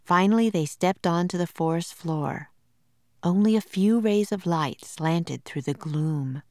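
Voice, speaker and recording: A woman narrating a children's storybook in a slow, measured and clear manner. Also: fairly low pitch, mellow, dry recording, clean studio sound.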